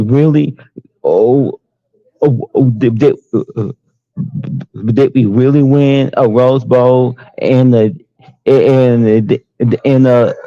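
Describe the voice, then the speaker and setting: A man speaks slowly and haltingly on a call-in show, stumbling and repeating himself. His voice is mellow, and the line sounds dry and slightly muffled. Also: mid-range voice, no echo. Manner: halting, many fillers and restarts. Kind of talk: casual call-in chat.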